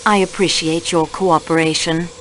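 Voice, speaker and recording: A woman's voice: low-pitched, slight background noise. Woman playing a courteous French male detective. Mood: calm. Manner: calm, courteous, measured questioning. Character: polite formal foreign male detective. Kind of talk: radio play acting.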